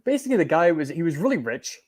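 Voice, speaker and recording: A man's voice: fairly high pitch, big pitch swings, fast, darkish tone, husky. A man hosting a live beer-review stream, talking in a chatty, rambling way. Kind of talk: casual live-stream chat.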